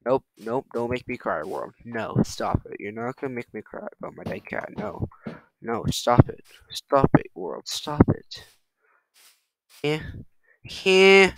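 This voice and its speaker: A man giving excitable let's-play commentary on a survival game, swearing often and talking to his chat. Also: mid-range voice, a little slow, dry recording. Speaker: gaming streamer. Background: background music.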